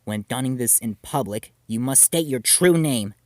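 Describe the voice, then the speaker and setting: A man voicing a theatrical teenage girl who acts as a dark wizard, speaking in grandiose declarations. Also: mid-range voice, animated, normal speed, no room sound, clean studio sound, lightly acted.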